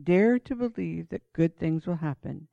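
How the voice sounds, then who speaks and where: Woman Bible teacher, sermon delivery, earnest and emphatic, warm low-key tone, dull dry lo-fi sound. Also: lively intonation, a little slow, gravelly, no echo. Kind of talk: sermon-style Bible teaching with read-aloud passages.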